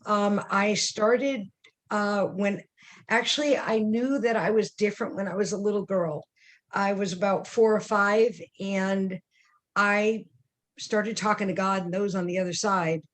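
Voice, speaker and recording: A woman's voice: mid-range voice, fairly even intonation, a little slow. A woman in her sixties, a guest psychic medium, telling personal stories earnestly with frequent fillers. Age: 60s. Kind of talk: personal storytelling in conversation.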